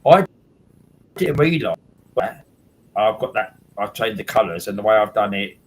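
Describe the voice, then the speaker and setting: A man's voice: fairly low pitch, lively intonation, normal speed, poor audio. Rambling man chatting. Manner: rambling, repeats words and restarts. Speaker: host. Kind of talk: casual chat.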